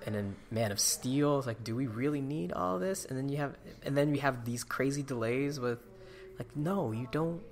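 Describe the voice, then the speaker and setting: A man's voice: medium pitch, moderate pace. A man co-hosting a podcast in casual chat, opinionated and ranting about what annoys him. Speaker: podcast co-host.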